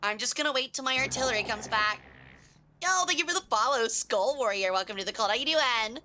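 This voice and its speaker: A young woman streaming a tank game, chatting with viewers and swearing excitedly as she plays. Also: on the high side, a little fast, slight background noise. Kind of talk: casual live gameplay commentary.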